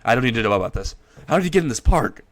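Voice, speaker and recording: A man voicing a cranky male park manager who scolds and shouts at his workers. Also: medium pitch, very animated, very fast, dry recording. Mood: flustered.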